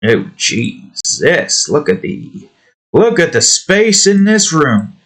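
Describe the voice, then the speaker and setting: His voice runs on the high side and a bit bright, swinging widely in pitch as he takes things slowly. As a hobby game developer building his own project, he chats casually, rambles, swears, speaks to the pieces he edits, and jokes around in a fake redneck drawl.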